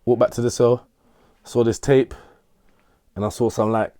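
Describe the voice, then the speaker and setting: A man's voice: medium pitch, level tone, normal speed, mellow, no echo, clean studio sound. Middle-aged man telling a rambling story. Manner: rambling, repeats himself, London street slang. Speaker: interviewee. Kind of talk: casual storytelling.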